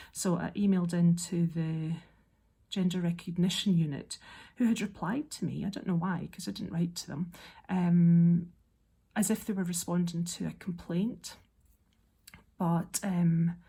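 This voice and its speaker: A woman ranting in an exasperated way in a casual monologue, a little unwell and low on energy. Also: creaky, dark tone, husky. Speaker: vlogger.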